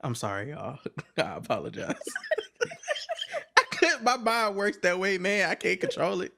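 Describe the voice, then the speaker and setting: A man co-hosting a podcast in casual chat, animated and joking. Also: high-pitched, gravelly. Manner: animated, joking, quick to laugh. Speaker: podcast co-host.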